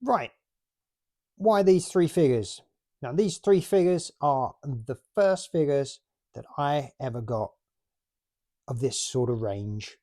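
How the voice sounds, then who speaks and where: Slow and animated, with long pauses, his mid-range voice carries a slight mellowness. The speaker is a British man in his late forties, casually rambling about his toys in a chatty, self-deprecating manner.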